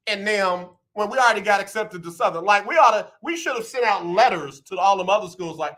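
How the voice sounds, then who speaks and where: Man, 50s, radio host, casual talk, playful, repeats himself, high-pitched, bright tone. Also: normal speed. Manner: animated, playful, repeats phrases for emphasis. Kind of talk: casual radio talk, reading listener comments.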